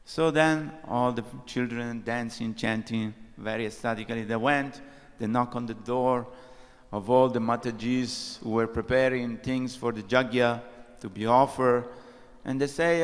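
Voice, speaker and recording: A man's voice: mid-range voice, steady tone, moderate pace. A man giving a scripture class at a temple, telling stories and acting out the characters' lines. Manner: storytelling, acts out quotes. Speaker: temple speaker. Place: temple lecture hall. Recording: long reverb of a large hall.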